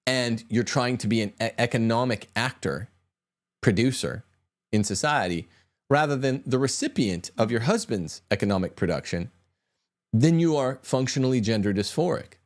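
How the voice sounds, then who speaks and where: A man hosts a podcast, speaking at a normal speed in a medium-pitched, expressive voice. His talk is opinionated, emphatic and combative, full of sweeping asides.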